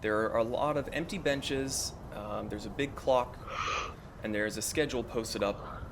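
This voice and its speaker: A medium-pitched man describes scenes unhurriedly while acting as game master for a tabletop game, using many fillers. Background noise can be heard.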